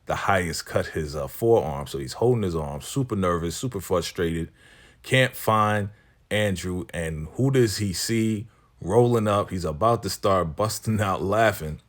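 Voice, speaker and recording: A man's voice: low voice, lively intonation, unhurried. A man hosting a casual, chatty episode recap, amused and talking straight to his viewers.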